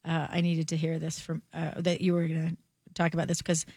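A woman with a hoarse voice from a cold, a sports writer chatting as a guest, halting and restarting often. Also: deep voice, monotone, darkish tone, no room sound, studio quality. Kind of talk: casual chat.

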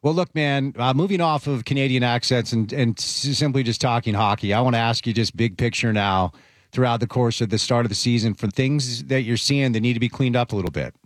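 A man's voice: medium pitch, a little fast, no echo. Chatty man hosting sports radio. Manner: loose and chatty, with restarts. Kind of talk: casual sports radio chat.

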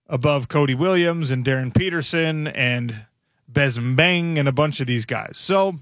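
A male sports radio host talks through the news in a casual, musing way, thinking aloud as he goes. His voice sits a bit high and rings bright and forceful. The studio mic is close and dry. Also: dry recording. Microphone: studio microphone.

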